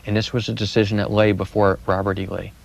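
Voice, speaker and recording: A man's voice: on the low side, level tone, fast talker, gravelly. A man answering interview questions as a guest historian, telling history with vivid, dramatic repetition.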